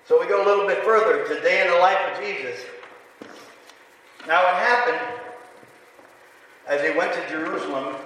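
A man's voice: on the high side, pushed and bright. A man preaching a sermon to a congregation, asking rhetorical questions and building to emphatic passages. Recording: echoey hall from far off, faint room noise.

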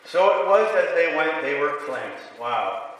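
High, bright-voiced man preaching in an echoey hall. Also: lively intonation, unhurried. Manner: preaching with rising emphatic passages and rhetorical questions. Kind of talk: sermon. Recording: echoey hall from far off, faint room noise.

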